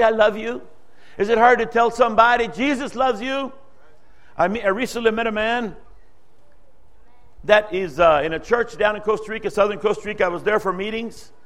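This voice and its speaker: This is a sermon from a preacher with a Dutch-speaking background, who recounts a testimony in an earnest, story-driven manner. His pitch and loudness keep rising and dropping as he tells it.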